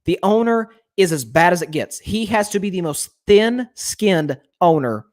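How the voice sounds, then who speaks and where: A man's voice: high voice, lively intonation, a little slow. A young man hosting a sports commentary show, ranting with indignation and lots of restarts.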